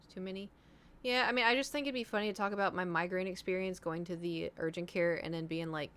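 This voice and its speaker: A woman's voice: lowish voice, fairly even intonation, quick pace, fairly bright tone, clean tone. Rambling young woman streamer. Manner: rambling, self-deprecating, trails off. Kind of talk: casual stream chat.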